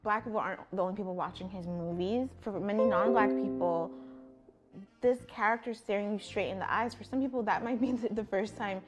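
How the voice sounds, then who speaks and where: A woman's voice: medium pitch, fairly quick, music in the background. A woman giving thoughtful cultural commentary in conversation, with fillers in her speech.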